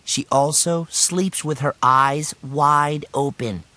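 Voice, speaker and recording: A man narrating a children's story in the first person, expressive and animated. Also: on the high side, slow pace, no echo. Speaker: audiobook narrator.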